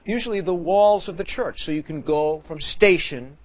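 A man, a priest, hosting a children's quiz show in a TV studio, jokey and animated, sometimes shouting with excitement. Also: fairly high pitch, normal speed, dry recording. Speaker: priest and game show host. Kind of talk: lively game show hosting. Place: TV studio with audience. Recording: dull lo-fi studio sound.

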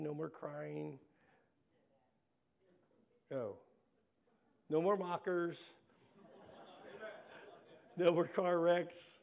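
A man preaching a sermon, building rhythmic lists that swell into loud bursts, with joking asides. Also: fairly high pitch, gravelly. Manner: rhythmic alliterative list, rising to loud bursts.

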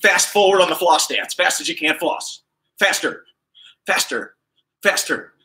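Upbeat pe coach guy calling out exercises nonstop, bright tense voice, kinda roomy echo. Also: fairly high pitch, expressive, unhurried. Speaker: kids' PE coach. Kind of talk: live-streamed exercise class. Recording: echoey room sound.

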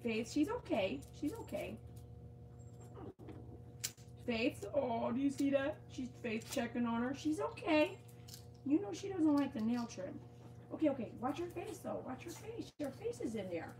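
Chatty, coaxing woman groomer, high voice. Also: very animated, moderate pace, noisy background. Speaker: dog groomer. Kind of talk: live-streamed grooming demonstration. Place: outdoors.

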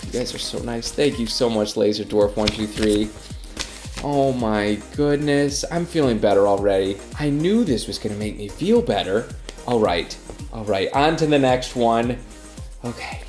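A young man vlogging about his fan mail with a stuffy nose from a cold, gushing with excitement. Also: mid-range voice, moderate pace, echoey room, music in the background. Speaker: YouTuber. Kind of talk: casual vlog reading fan mail.

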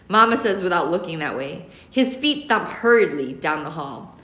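Female audiobook narrator, expressive storytelling, bright voice, roomy echo. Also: fairly low pitch, normal speed. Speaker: audiobook reader. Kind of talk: scripted narration.

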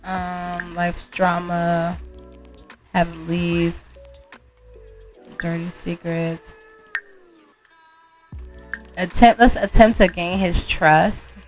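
A woman's voice: fairly low pitch, flat delivery, drawn-out words, pauses often, soft background music. Chatty woman narrating her sims game. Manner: chatty, slangy, informal. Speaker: Sims gameplay storyteller. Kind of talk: casual gameplay commentary.

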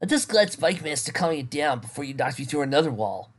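A woman voicing a gentle, joking young knight. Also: deep voice, big pitch swings, quick pace, husky, exaggerated voice. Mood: reassuring. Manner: soft, reassuring, lightly joking. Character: gentle young man, a devoted knight and lover.

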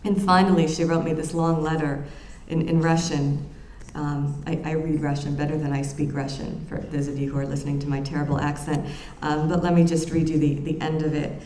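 A woman giving an academic lecture in an earnest, reflective way, often pausing and restarting her phrases. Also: low-pitched, level tone, warm tone. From United States. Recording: roomy lecture room with faint ambience.

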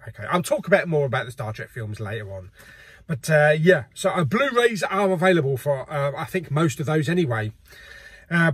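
Brief: middle-aged host, husky and slightly high-pitched, casual and jokey. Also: male voice, fairly bright tone, no echo. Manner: chatty and jokey, laughs often. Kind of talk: casual chat.

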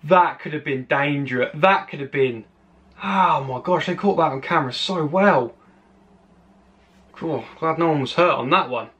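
A British man hosting his channel, giving excitable reaction commentary on crash videos and exclaiming at each clip. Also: on the high side, normal speed, dull audio. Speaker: channel host.

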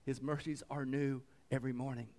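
Fervent preaching pastor, loud to hushed. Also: male voice, mid-range voice, level tone, brisk. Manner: swings between loud fervent preaching and hushed reverent tones; repeats and restarts phrases, calls "come on". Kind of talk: sermon.

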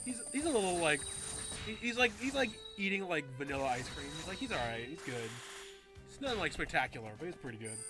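A young man casually commentating a video game with a friend, animated, laughing and swearing, now and then mimicking silly voices. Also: a little high, fast. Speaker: gameplay commentator. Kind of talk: casual chat over gameplay. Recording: game music behind. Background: game music.

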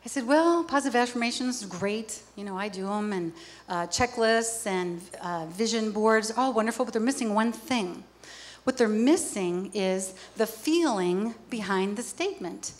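Woman, motivational stage speaker, animated storyteller. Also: medium pitch, moderate pace. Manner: lively, acts out little scenes. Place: theater stage.

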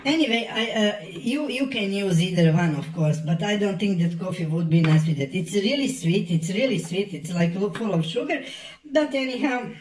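Halting man in a roomy echo. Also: high voice. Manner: halting, repeats words, deadpan asides. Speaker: comedy product reviewer. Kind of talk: rambling comic review to camera.

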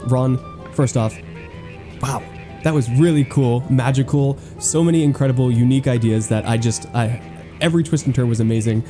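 A man giving excitable, gushing gameplay commentary as he tours a game island, cracking playful puns. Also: mid-range voice, moderate pace, soft background music. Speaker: gaming YouTuber touring an island.

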